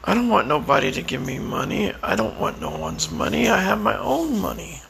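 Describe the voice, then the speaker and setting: A tired, weak-sounding man speaking slowly and reflectively in a personal monologue to the camera. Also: high-pitched, sing-song, gravelly, a bit bright, slight background noise, poor audio. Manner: slow, reflective, prayerful. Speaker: vlogger.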